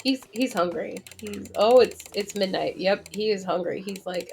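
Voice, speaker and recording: Rambling woman streamer, middle pitch. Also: normal speed, creaky, hardly any pauses, a little mellow, a little hiss or hum. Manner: rambling, lots of fillers and restarts. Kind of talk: casual gameplay chat.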